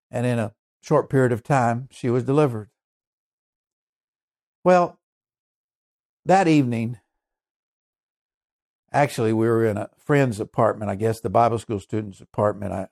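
A man's voice: medium pitch, darkish tone. Earnest male preacher telling a story. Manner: earnest, emphatic storyteller with shifting pace. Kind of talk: sermon testimony storytelling.

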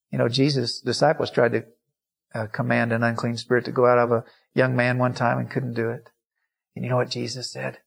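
Husky guy pastor preaching, tells a story, goes loud then real quiet. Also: mid-range voice, little pitch movement, normal speed. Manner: dramatic swings between loud climaxes and hushed, quiet lines. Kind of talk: sermon with storytelling.

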